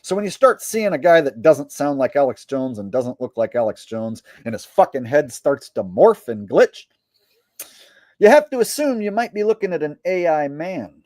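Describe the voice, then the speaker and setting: A man's voice: on the high side, big pitch swings, normal speed, darkish tone, no room sound, clean studio sound. A man, a comedian, doing live stream commentary in a boastful, profane, rambling way.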